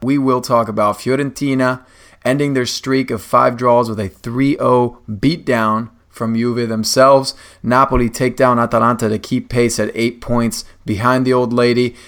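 A man's voice: medium pitch, level tone, normal speed, a bit bright, clear, resonant tone. A man hosting a casual sports podcast, jokey and upbeat, stretching words for emphasis. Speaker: podcast host.

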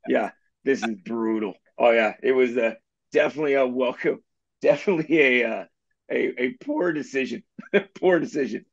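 A man's voice: mid-range voice, moderate pace, vocal fry. A man with a mid-range voice co-hosting a casual real estate podcast. He tells loose, self-deprecating stories and laughs at his own mistakes. His recording sounds slightly dull and muffled, lacking some top end. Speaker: mortgage agent and podcast co-host.

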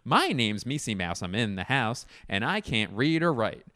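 A man squeaking as a dim little girl mouse. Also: sing-song, moderate pace, pushed and bright, dry recording, clean studio sound. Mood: goofy. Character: silly female mouse who can't read.

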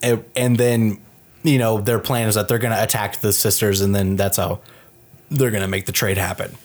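A man's voice: fairly low pitch, little pitch movement, normal speed. Rambling man chatting about a movie. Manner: rambling, heavy on filler words. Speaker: podcast co-host. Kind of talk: casual movie-review chat.

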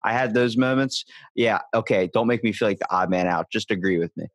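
A man's voice: fairly low pitch, fairly quick, dry recording. A man chatting casually as a podcast guest, rambling through profane stories with lots of fillers and acted-out quotes. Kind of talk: casual storytelling chat.

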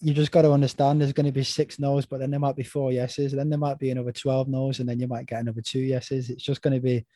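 A man's voice: medium pitch, little pitch movement, quick pace, few pauses, mellow, no room sound. A man hosting a casual podcast chat, thoughtful and asking open questions. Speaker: podcast host, personal trainer.

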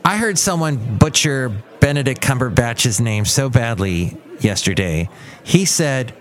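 A man's voice: medium pitch, animated, unhurried. Rambling, jokey male podcast host. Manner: rambling, jokey, self-correcting. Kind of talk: casual solo podcast monologue.

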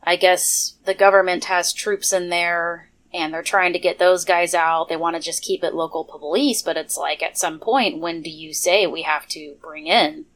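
A woman's voice: on the low side, steady tone, normal speed, hardly any pauses, a bit bright. A woman co-hosting a casual political chat, chatty and opinionated.

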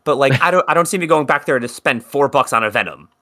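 A man's voice: medium pitch, animated, fast, bright, forceful tone. A man from South Jersey co-hosting a podcast, telling a long rambling story in casual chat and swearing freely. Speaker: podcast co-host.

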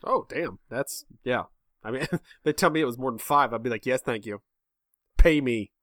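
A man's voice: medium pitch, moderate pace, fairly bright tone, no room sound, studio quality. A man joining in casual chat with wry, teasing banter.

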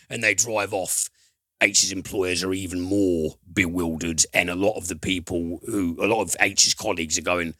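A very deep-voiced man with a forceful, bright edge talks through a film plot. He rambles with plenty of fillers and drops swear words as he retells the scenes. The sound is close and dry. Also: fairly even intonation, normal speed, no room sound. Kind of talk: casual film review chat.

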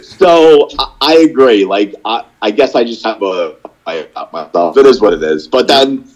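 A young man with a slightly low voice co-hosts a casual podcast. He rambles through stories and leans on filler words as he goes. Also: lively intonation, moderate pace, rough recording. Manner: rambling storyteller, lots of "like" fillers. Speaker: podcast co-host. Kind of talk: casual chat.

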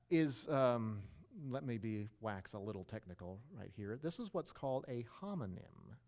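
A male pastor giving a sermon, explaining with everyday examples and rhetorical questions, shifting his pitch and pace for emphasis.

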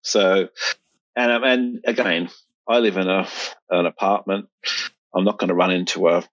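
A man's voice: low-pitched, fairly even intonation, moderate pace, dry recording. A middle-aged Australian man in casual conversation, rambling with restarts and fillers. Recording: dull, lo-fi sound.

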